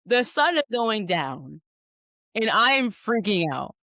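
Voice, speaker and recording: A young woman hosting a podcast, telling a story in casual chat, animated and full of fillers, acting out what people said. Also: medium pitch, slow pace, no room sound, clean studio sound. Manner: animated, many "like" fillers, acts out quotes. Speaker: podcast host.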